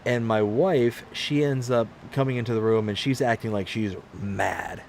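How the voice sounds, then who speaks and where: A man's voice: mid-range voice, normal speed, few pauses, a little hiss or hum. A man hosting a livestream, telling a long personal story in casual chat and acting out the voices of the people in it. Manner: animated, acts out quoted voices. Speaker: livestream host.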